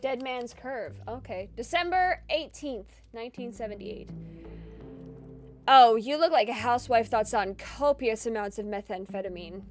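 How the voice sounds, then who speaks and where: A young adult woman streaming a game, chatty and thinking aloud, with loud excitable outbursts. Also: fairly high pitch, normal speed, soft background music. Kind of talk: gaming stream commentary.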